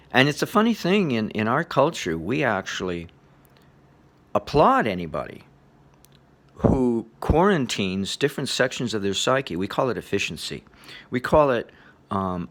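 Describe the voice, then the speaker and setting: A man giving a relaxed spoken lecture on meditation, chuckling often in a loose, playful way. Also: mid-range voice. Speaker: meditation teacher.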